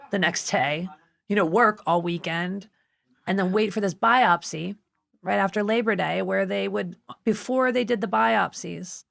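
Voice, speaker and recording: Woman, podcast guest, expressive storyteller, heavy vocal fry, dead dry sound. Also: lowish voice, no echo. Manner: expressive, acts out other people's voices in her story. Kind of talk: emotional personal storytelling. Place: podcast studio.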